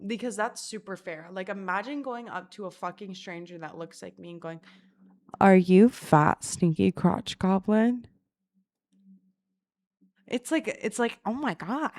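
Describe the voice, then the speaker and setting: Profane, animated young woman vlogging. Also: medium pitch, normal speed. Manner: profane, animated storytelling with acted-out quotes. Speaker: content creator. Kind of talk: casual vlog chat.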